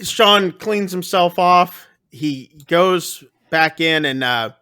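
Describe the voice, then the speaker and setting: A man's voice: high voice, slow, clean tone. A man hosting a podcast, casually recapping a horror movie scene by scene and acting out the characters' lines. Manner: animated, acts out character lines. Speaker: podcast host.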